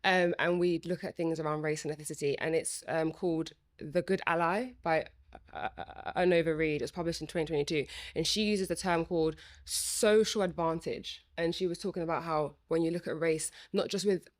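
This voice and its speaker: A woman's voice: low voice, fairly even intonation, a little fast, hardly any pauses. A woman who stammers, speaking passionately on a podcast, with frequent restarts and filler sounds as she thinks aloud. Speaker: former student working in Parliament. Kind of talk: conversational podcast chat.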